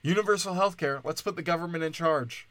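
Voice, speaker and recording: A man's voice: on the high side, fairly quick, a bit bright, no room sound. A man from Wisconsin hosting a solo comedic rant, profane and sarcastic, swinging between mocking asides and exasperated outbursts.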